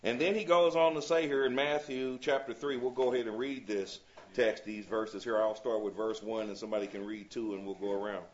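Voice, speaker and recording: A man's voice: lowish voice, steady tone, a little fast, dull audio. A man leading a Bible study class. He reads scripture aloud and often checks in with his listeners, asking "you see?".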